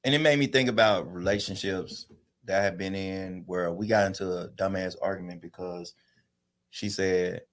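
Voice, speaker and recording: Thirties male podcast co-host, animated storyteller, casual and profane. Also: low-pitched, normal speed. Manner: animated storyteller, acts out quotes, swears.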